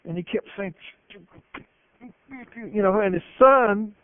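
A man's high-pitched, smooth voice unfolds slowly as he preaches, stressing his points and animating his stories. The sound is dry and narrow, resembling a phone-line broadcast.

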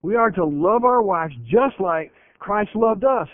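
A man delivers a radio sermon in a somewhat high voice, hitting words hard and then dropping to a near hush. He slows right down whenever he reads scripture. The sound is dry and thin, like a lo-fi broadcast. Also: animated, no room sound. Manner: emphatic, swings from loud to hushed, slows on scripture. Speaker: preacher.

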